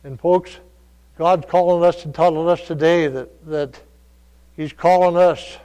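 Male preacher, fairly high voice, folksy storyteller, church hall reverb. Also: fairly even intonation, measured pace, clear, resonant tone. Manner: folksy storytelling, shifts between soft asides and loud calls. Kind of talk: sermon.

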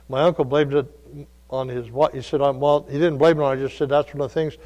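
Male preacher, fairly high voice, folksy storyteller, church hall reverb. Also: steady tone, fairly quick, dull audio. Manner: folksy storytelling, shifts between soft asides and loud calls. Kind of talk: sermon.

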